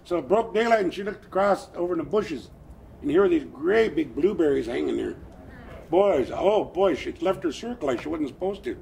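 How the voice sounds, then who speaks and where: An elderly man tells a traditional tale in a plainspoken, animated way. His voice sits high and has a gravelly edge. A faint hiss runs underneath. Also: a little fast. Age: older. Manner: animated, plainspoken, chuckling asides. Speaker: storyteller, elder. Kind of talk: oral traditional storytelling.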